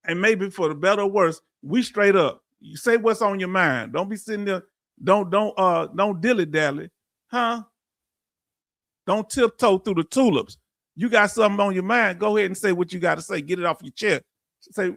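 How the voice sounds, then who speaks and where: High-voiced Texan man, blunt talk. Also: creaky, a bit bright, no room sound, studio quality. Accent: Southern US, Texan. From Houston, Texas. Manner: blunt, straight-talking, addresses chat directly. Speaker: livestream host. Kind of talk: casual livestream chat.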